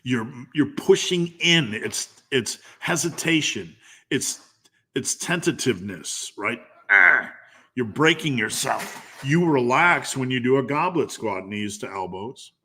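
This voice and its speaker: A man of middle pitch talks as a strength coach answering a live question. He is blunt and profane, hammering the same point again and again with fired-up emphasis. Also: a bit bright.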